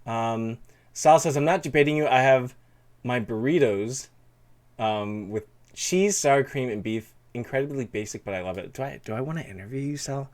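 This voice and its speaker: A man's voice: mid-range voice, moderate pace. A man hosting a live stream, chatting in a rambling, casual way and reading chat aloud. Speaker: streamer host.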